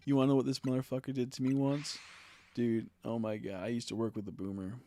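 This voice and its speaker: A young adult man ranting in casual live-stream chat while playing a game, swearing freely and filling pauses with "like" and "uh". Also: mid-range voice, level tone, dark tone, slight background noise. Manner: ranting, swears a lot, many fillers.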